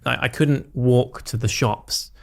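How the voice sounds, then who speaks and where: A man, a podcast guest talking candidly and reflectively, with many fillers and quick asides. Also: medium pitch, fairly even intonation, gravelly. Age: 30s. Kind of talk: casual conversational interview.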